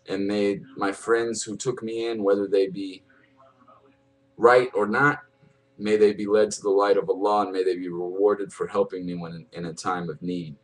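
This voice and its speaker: A middle-aged man with a lowish voice gives an earnest personal testimony as a convert, on a low-quality recording. He sounds emotional and pleading, and he often repeats himself.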